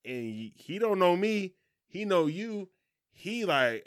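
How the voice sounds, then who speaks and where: A young married man co-hosting a podcast, telling stories in profane casual chat and acting out the quotes, swinging from mumbles to loud outbursts. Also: high-pitched, sing-song, slow, dry recording, studio quality. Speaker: podcast co-host.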